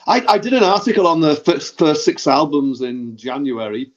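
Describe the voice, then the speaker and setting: Man, casual chat, animated storyteller, mid pitch, slightly muffled audio. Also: normal speed. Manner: animated anecdote teller, laughs easily. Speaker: music writer and show regular.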